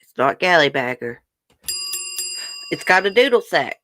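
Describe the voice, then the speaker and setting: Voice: medium pitch, big pitch swings, unhurried, background noise. A livestream host in a casual trivia chat, reading questions aloud and answering viewers' guesses while chewing on a snack. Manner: talks while chewing a brownie.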